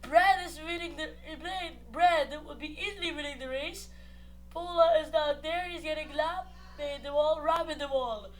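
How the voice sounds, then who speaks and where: A woman commentating on a racing league, muttering asides between shouted, excited play-by-play. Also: sits high, normal speed. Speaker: race commentator.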